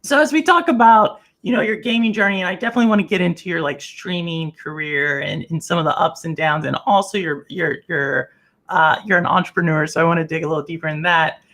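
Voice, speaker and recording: A woman's voice: lowish voice, quick pace, a bit bright. A woman hosting a gaming podcast, chatting casually and laughing often as she interviews a guest. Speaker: podcast host.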